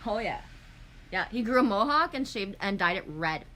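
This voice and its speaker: A woman in her forties chatting casually on a livestream, reading out viewer comments and rambling through animated stories with swearing and acted-out quotes. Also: medium pitch, normal speed, a little hiss or hum.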